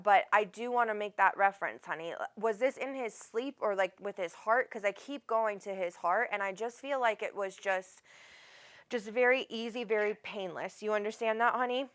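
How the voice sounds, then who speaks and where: A woman's voice: medium pitch, normal speed, a bit bright, smooth. A woman hosting a live psychic reading, talking in a rambling, affectionate way, calling the caller honey and swearing casually. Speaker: psychic medium host.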